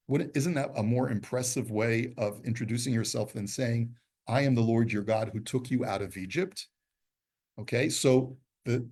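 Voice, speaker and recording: A man's voice: medium pitch, darkish tone. A man teaching a Torah class, explaining texts step by step, quoting Hebrew passages and putting questions to his students. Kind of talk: classroom lesson.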